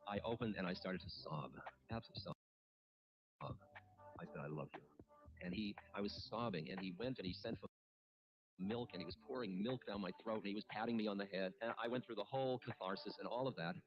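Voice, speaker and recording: A man who is a spiritual teacher tells a personal story in a halting, candid, self-mocking way, with many restarts. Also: on the low side. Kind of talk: reflective storytelling talk. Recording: muffled archive recording with music. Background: music playing underneath.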